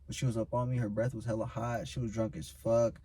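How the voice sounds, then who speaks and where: A man's voice: fairly low pitch, flat delivery, a little fast, dark tone, breathy edge. A young adult man, a guest in a casual chat, telling stories in a laid-back, slangy way.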